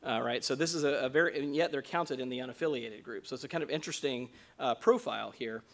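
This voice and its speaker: A man's voice: medium pitch, fast talker, a bit bright. Man presenting survey findings with fillers. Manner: many fillers, explaining survey figures slide by slide. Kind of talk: conference presentation. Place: conference room.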